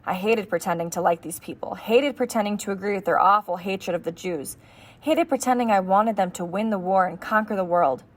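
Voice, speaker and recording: A woman's voice: medium pitch, fairly quick. A woman narrating an audiobook steadily in the first person as a boy.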